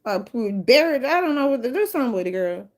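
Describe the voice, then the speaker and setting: Brash, high-voiced New Orleans woman. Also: quick pace. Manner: brash, profane, animated storytelling. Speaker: host. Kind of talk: casual storytelling monologue.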